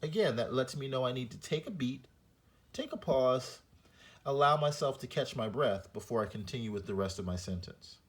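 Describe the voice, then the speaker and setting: A man with a mid-range voice speaks at normal speed while giving a reading lesson. He walks through punctuation, then reads a short story aloud to show both a flat and an expressive delivery.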